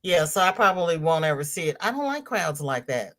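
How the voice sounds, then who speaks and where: A woman's voice: sits low, sing-song, a little fast, a bit bright. A woman hosting a casual crochet livestream, chatting in a rambling way and reading viewer comments aloud. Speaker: crochet channel host reading live chat.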